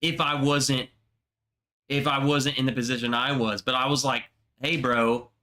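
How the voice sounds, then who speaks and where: A man hosting a casual livestream chat, telling a story in a slow, emotional, slangy way, close to tears. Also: medium pitch, flat delivery, pushed and bright. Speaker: livestream host.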